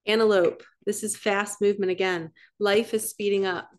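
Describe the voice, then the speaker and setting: A woman giving a casual, excitable oracle card reading as a spiritual coach, chatty with gasps of wonder. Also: medium pitch. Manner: chatty and excitable, frequent laughs and gasps, quick then drawn-out.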